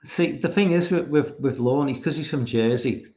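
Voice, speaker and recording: Casual podcast guest: man, rambling and self-repeating, mid-pitched voice, recorded in an echoey room on dull lo-fi audio. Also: normal speed, darkish tone. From England. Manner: rambling, repeats words while thinking. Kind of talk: casual chat. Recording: roomy, dull lo-fi sound.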